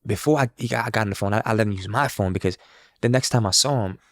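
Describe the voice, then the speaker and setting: Fast-talking gravelly man telling a story. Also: lowish voice, no room sound. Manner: animated, acts out quoted dialogue. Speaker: guest street musician. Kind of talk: casual storytelling.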